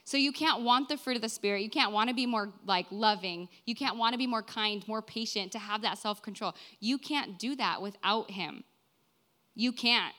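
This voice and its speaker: Bright-voiced young woman preaching a sermon. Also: mid-range voice, moderate pace. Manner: earnest, conversational, frequent "right?" and "like". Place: church.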